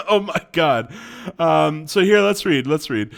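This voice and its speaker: A man's voice: a little high, lively intonation, slow, gravelly, pauses often. A young man in casual reaction commentary, rambling, correcting himself and laughing often. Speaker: YouTube commentator.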